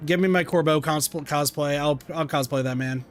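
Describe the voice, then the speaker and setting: A young man streaming a game, chatting casually with self-mocking, animated remarks. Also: on the high side, normal speed, hardly any pauses, soft background music. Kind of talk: casual gameplay commentary.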